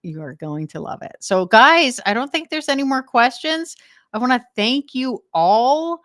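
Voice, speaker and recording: Her voice is high-pitched, expressive and a bit bright, at a measured pace, as this Western Canadian woman with a Canadian accent hosts a decluttering livestream. She keeps things casual and enthusiastic with viewers and laughs frequently, recorded at studio quality with no room sound.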